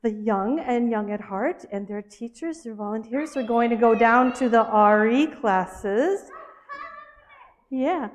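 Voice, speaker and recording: Woman, children's story with a puppet at church, lively and laughing, a touch high. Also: takes it slowly, a little hiss or hum. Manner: animated and laughing, scolding and coaxing.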